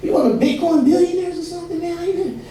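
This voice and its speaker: A comedian doing a nosy neighbor man with a high, chirpy, fake-friendly voice, asking pointed questions. It rings through an echoey club, heard from a way off, with an audience behind it. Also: fast talker, dark tone, slight background noise. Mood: prying. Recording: echoey club from far off, crowd.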